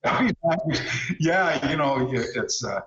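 A man in his sixties telling a story as an interview guest, animated and restarting often, on a video call. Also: a little high, takes it slowly. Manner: animated, acts out quoted voices, many restarts. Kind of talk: casual anecdotal storytelling. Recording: echoey room, dull lo-fi call audio.

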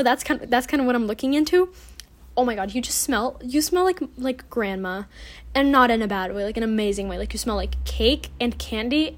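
A young woman with a slightly high voice chats casually into a phone propped up at home. She rambles and giggles, gushing with plenty of fillers as she hosts her own little podcast. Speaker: solo podcast host.

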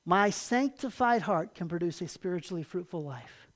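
A pastor preaching a sermon. The pastor reads scripture aloud with rising emphasis, explains it in a conversational way, asks rhetorical questions, and often ends a point in a low, quiet voice. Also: lively intonation, normal speed.

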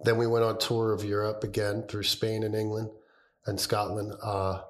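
A man co-hosting a podcast in casual chat, rambling and halting as he talks, with a cough that keeps breaking in. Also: on the low side, monotone. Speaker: podcast co-host.

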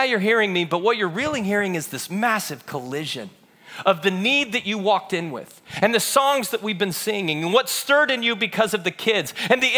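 A high, bright-voiced man preaching a lively sermon. He retells stories with energy and slips into the voices of the people in them. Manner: animated storytelling, acts out voices of others. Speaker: pastor.

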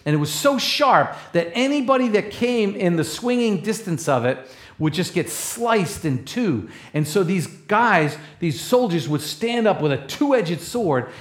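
Fervent male preacher in an echoey room. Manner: rising to loud passionate peaks, dropping to soft low asides. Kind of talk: sermon.

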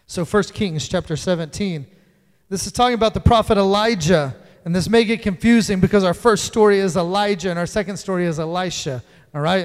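A man delivers a sermon to his congregation, teaching conversationally and dropping playful asides as he goes. His voice sits high and rings clean. The sound carries a long hall reverb. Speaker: pastor.

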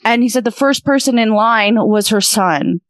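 A woman's voice: a little high, moderate pace, no echo, studio quality. A young woman with a Canadian accent, co-hosting a podcast and retelling a story in a rambling, filler-heavy way. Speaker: podcast co-host. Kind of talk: casual chat, retelling a comedy bit.

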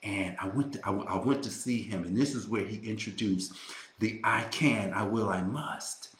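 A man's voice: fairly low pitch, moderate pace, fairly bright tone, roomy sound. A man hosting a faith-based motivational podcast, talking in a fervent preaching cadence full of restarts and repeated words. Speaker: podcast host.

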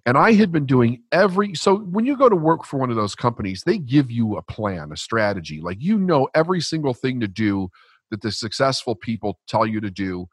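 Man, husky, dry close sound; blunt, animated, swears freely. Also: mid-range voice, a little fast, no room sound. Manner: blunt, profane, animated storytelling. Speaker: podcast guest. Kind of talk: storytelling in conversation.

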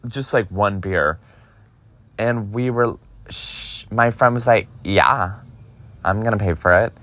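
A man's voice: lowish voice, slow, fairly bright tone. Chatty young man telling a story. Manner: chatty, heavy use of "like", profane. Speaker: podcast host. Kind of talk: casual storytelling.

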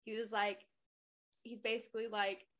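A woman's voice: medium pitch, level tone, moderate pace. A woman co-hosting a casual book-club podcast, recapping scenes in a chatty way with lots of filler words. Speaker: podcast co-host.

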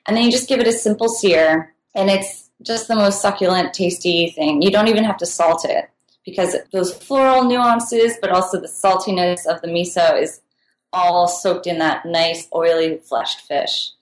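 A woman's voice: lowish voice, moderate pace. A woman answering interview questions in a casual, chatty way, laughing often as she talks. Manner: chatty and giggly, with frequent laughs. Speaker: podcast guest, food writer. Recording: echoey room.

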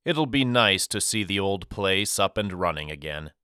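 A man voicing a loving, soft-spoken father talking to his two sons in an audiobook. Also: low voice, lively intonation, moderate pace, smooth, no echo, clean studio sound. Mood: tender. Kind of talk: audiobook character reading.

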